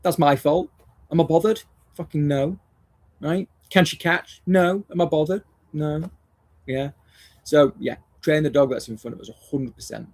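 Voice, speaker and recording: A man's voice: fairly high pitch, normal speed, a little mellow. A man, a dog trainer hosting a casual live discussion, talking bluntly, swearing often and restarting his phrases.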